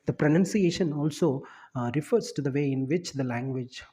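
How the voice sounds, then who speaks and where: A man's voice: fairly high pitch, moderate pace, mellow, a little hiss or hum. A man giving an explanatory lecture, often ending points with a checking "right?".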